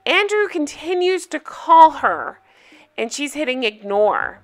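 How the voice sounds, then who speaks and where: A woman's voice: sits high, big pitch swings, slow pace, soft background music. A woman hosting a casual TV recap video, talking bluntly and emphatically and swearing freely. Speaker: reality TV recap host.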